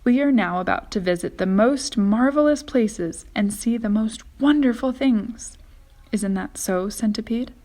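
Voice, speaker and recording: A woman reading a kind, gentle ladybug. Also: a little high, a little slow, natural voice. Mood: kindly. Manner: kindly, explaining.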